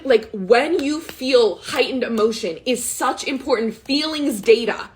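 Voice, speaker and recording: A woman in her thirties talks candidly in a live coaching session, close to tears as she tells her story. Her voice sits somewhat high and swings widely in pitch. She keeps checking in with "right?" and peppers her talk with "like". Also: lively intonation, a little slow, few pauses. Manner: candid, emotional, often says "right?" and "like". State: tearful, close to crying.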